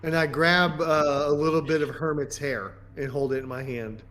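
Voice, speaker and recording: A player in a tabletop game, talking casually with playful, loud outbursts in character. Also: mid-range voice, steady tone, normal speed.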